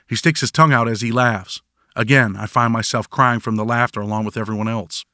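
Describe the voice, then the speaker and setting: A man's voice: mid-range voice, fairly even intonation, brisk, pushed and bright, dry recording. A man narrating his own prison memoir in first person, with dry, wry storytelling.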